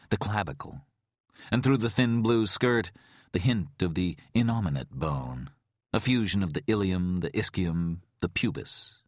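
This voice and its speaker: A male audiobook narrator with a low, husky voice reads at a slow, deliberate pace. His delivery rises and falls widely, and the recording is dry and close. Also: no echo. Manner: slow, deliberate, tense storytelling.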